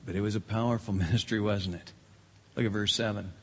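A man's voice: lowish voice, fairly even intonation, brisk, a bit bright. A man, a pastor, preaching a sermon in a church, emphatic and dramatic when he quotes others. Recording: long hall reverb.

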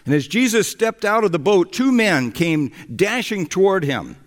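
A man preaching a sermon and retelling a story in a slow, storytelling delivery. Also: sits high, big pitch swings. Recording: echoey hall.

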